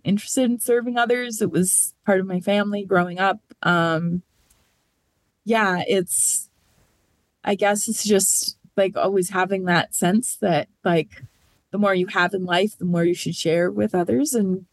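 A woman's voice: medium pitch, no echo. Earnest woman guest, dry close sound. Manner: earnest, thoughtful, many fillers like "like" and "you know". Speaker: nonprofit program manager, guest. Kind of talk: conversational podcast interview.

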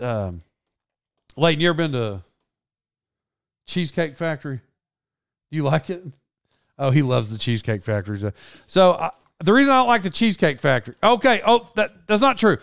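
A man's voice: on the high side, clear, resonant tone, no echo, studio quality. A man from Oklahoma with a slight twang, telling casual stories in a rambling, self-correcting way and laughing often. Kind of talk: casual storytelling chat.

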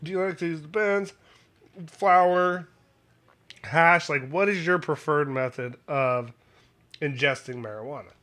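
Man, podcast co-host, bright tone, slightly high voice, crude jokes, stammering restarts. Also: measured pace, pauses often. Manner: joking, rambling with stammered restarts. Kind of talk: casual crude podcast chat.

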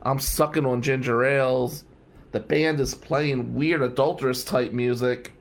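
A man's voice: medium pitch, fairly even intonation, a little slow, vocal fry. A man casually telling a personal story in a sardonic, rambling way, full of wry asides.

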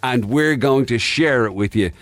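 A man's voice: mid-range voice, moderate pace, fairly bright tone, no echo. An Irish man hosting a radio show, reading time checks and teasing his co-host with dry sarcasm. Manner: dry teasing sarcasm, smooth presenter links. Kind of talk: radio presenting and banter.

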